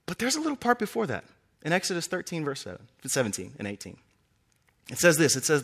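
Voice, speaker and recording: A young male preacher with a notably high, very animated voice. He tells scripture stories with energy, swooping up and down as he acts out the characters' lines. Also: fast talker. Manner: animated storytelling, acting out characters with big pitch swings. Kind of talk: sermon.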